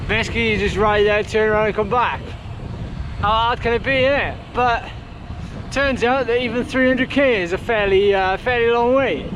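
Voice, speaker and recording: A man's voice: high voice, normal speed, background noise. A man chatting casually to a handheld camera outdoors during a long bike ride, rambling with plenty of fillers. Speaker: cyclist vlogger.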